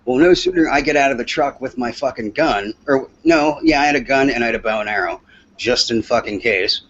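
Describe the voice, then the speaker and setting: A man's voice: mid-range voice, a little fast, a bit bright, slight background noise. A man telling a profane, rambling hunting story in a casual podcast chat. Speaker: podcast co-host. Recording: dull lo-fi audio.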